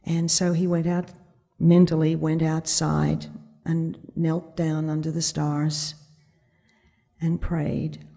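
A woman speaks slowly in a low, dark, creaky monotone during a storytelling talk on a conference stage before an audience. She narrates a vivid anecdote and quotes the lines of dialogue along the way.

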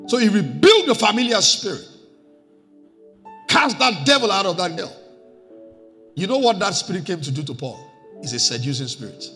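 Nigerian pastor, high, very lively voice, church hall reverb with faint music behind. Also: male voice. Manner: emphatic, animated, mixes in Pidgin asides. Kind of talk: sermon.

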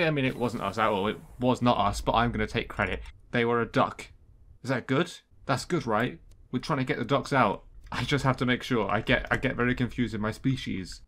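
A man giving jokey, excitable commentary while playing an online game, swinging from loud squeals to low mutters. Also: normal speed. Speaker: gaming YouTuber. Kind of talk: comedic gameplay commentary.

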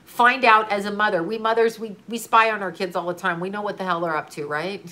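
A woman's voice: mid-range voice, fairly even intonation, brisk, pushed and bright, slight background noise. A middle-aged woman speaking as a grieving mother, giving earnest, urgent advice to another mother in casual, emotional talk with some swearing. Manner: earnest, urgent, repetitive coaching with occasional swearing.

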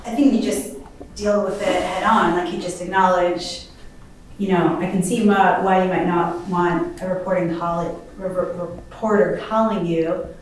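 A woman's voice: on the low side, steady tone, normal speed, a little hiss or hum. Far-off woman in an echoey room. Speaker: student. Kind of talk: answering in class. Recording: distant, very echoey room with faint ambience.

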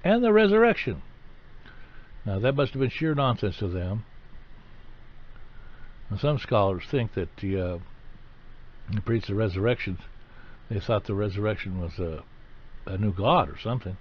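A man's voice: lowish voice, moderate pace, pauses often, a little hiss or hum. A man preaching a sermon, teaching in a conversational way and rising to stress key points. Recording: slightly dull, lo-fi recording.

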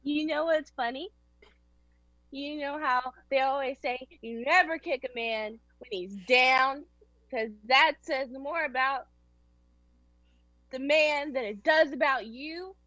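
A woman playing a tabletop role-playing game, speaking in a deliberate way. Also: high-pitched, bright, forceful tone, no echo, muffled recording. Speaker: player.

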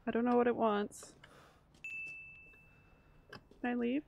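This woman's voice sits on the high side, level and slow, creaky with a darkish tone, over slight background noise. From her home room she live-streams a horror game, jumpy and reacting aloud while chatting with viewers.

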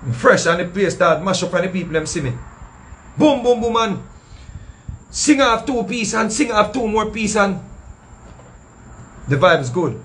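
A man with a Jamaican accent telling a story in casual patois, animated and acting out what others said. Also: high voice, measured pace, long pauses, a little hiss or hum. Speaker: storyteller recounting a past show.

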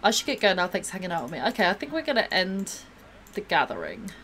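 A woman's voice: lowish voice, big pitch swings, quick pace, fairly bright tone, a little hiss or hum. A woman gives bubbly, gushing live-stream commentary while she plays a game, gasping and laughing often.

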